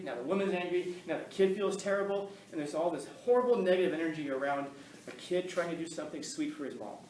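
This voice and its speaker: Filmed before an audience, a man in a high-pitched voice tells stories in a rambling, chatty way, laughing frequently and restarting his sentences. The sound comes off a distant mic in an echoey room, with faint ambience and a slight hiss or hum.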